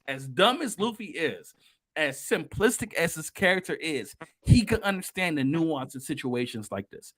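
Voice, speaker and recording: A man hosting a casual podcast, talking excitably and emphatically with plenty of cursing. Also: a little high, moderate pace. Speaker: podcast host.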